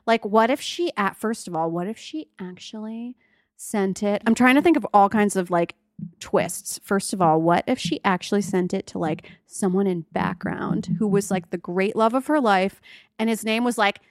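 A woman's voice: medium pitch, moderate pace, dry recording, studio quality. A woman in casual chat, gushing and rambling, swearing freely as she tells stories.

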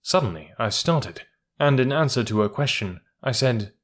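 A male audiobook reader narrating a story in the first person. His delivery is measured and steady, with a mid-range voice. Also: medium pitch.

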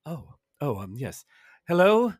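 A fussy, heavyset shopkeeper stammers and fawns, his voice sitting low and soft, as a man puts him on. The recording is dry and close, with no room sound. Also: big pitch swings, a little slow, husky, no echo, heavily acted. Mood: flustered. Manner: stammering, nervous, fawning. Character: flustered heavyset male shopkeeper.

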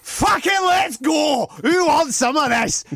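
A man voicing a brash young woman fighter with a Scottish accent, shouting aggressive trash talk at a rival. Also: extremely high pitch, lively intonation, measured pace, dry recording, studio quality, pitched above the performer's own voice, exaggerated voice.

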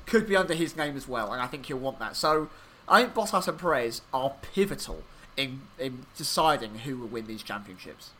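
A man co-hosting a podcast, talking through his racing analysis in a rambling, animated way with many fillers. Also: mid-range voice, fairly quick, slight background noise. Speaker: podcast co-host. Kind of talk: casual motorsport podcast chat.

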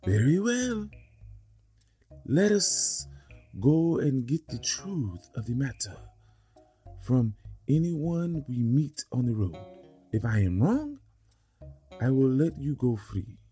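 Man doing a sly snake voice, slow drawn-out words, a bit higher, lively lilt, storybook menace. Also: breathy edge, soft background music, full character voice. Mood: menacing. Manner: slow drawn-out hissing pleas. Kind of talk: storytelling podcast.

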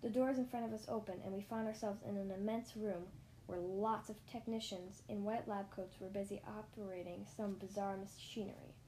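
A woman narrating a children's story in the first person, lively, with small slips and restarts. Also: medium pitch, moderate pace, a little hiss or hum. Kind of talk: reading a children's story aloud.

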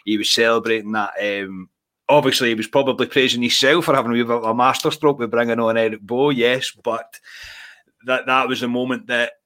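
A man hosting a football podcast, talking casually and warmly about the club's past. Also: medium pitch, fairly even intonation, fairly quick. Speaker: podcast host.

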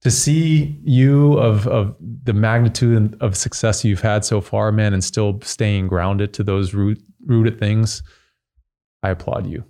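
A man's voice: lowish voice, fairly even intonation, measured pace, warm tone. A man hosting a podcast, talking in a casual, enthusiastic and encouraging way. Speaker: podcast host.

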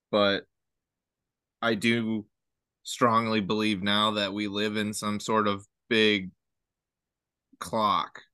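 Low-voiced man, halting and earnest. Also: sharp tone, clean tone, dry recording. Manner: halting, earnest, many restarts. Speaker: podcast guest. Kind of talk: casual chat.

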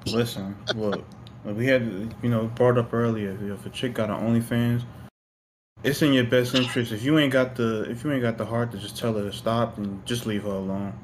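A man's voice: medium pitch, steady tone, fairly quick, a little hiss or hum. A man co-hosting a casual podcast chat in a laid-back, agreeable way. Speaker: podcast co-host.

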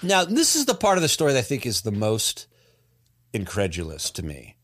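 A man hosts a casual podcast and carries a long story with lots of restarts. His pitch swings widely as he talks. The sound is dry and close. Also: brisk, dry recording. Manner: animated, rambling with restarts. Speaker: podcast host.

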